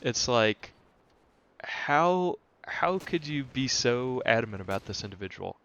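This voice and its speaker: A man's voice: medium pitch, very animated, a little slow, a bit bright. A young man hosting a casual monologue podcast, ranting in an exasperated, rambling way with many fillers and restarts. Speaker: podcast host.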